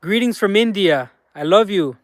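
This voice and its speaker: Man, high voice, casual livestream chat, relaxed, rambling, dry close sound. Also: normal speed, dry recording. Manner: relaxed, rambling, many fillers. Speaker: livestream host.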